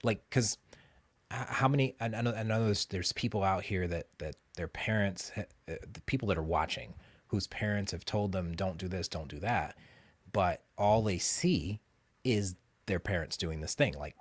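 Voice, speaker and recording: A man hosts a podcast interview, asking searching questions and often restarting his sentences as he thinks aloud. His voice sits very low, recorded dry and close to the mic. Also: moderate pace, no echo. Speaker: podcast host. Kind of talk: conversational interview.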